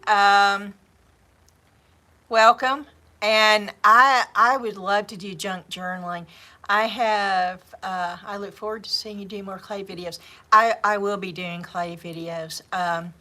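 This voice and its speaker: Casting: Southern woman livestream host, rambling chatty delivery, unhurried, bright forceful tone. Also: mid-range voice. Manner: chatty, rambling, often repeats words and laughs. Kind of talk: casual chat. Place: home craft livestream.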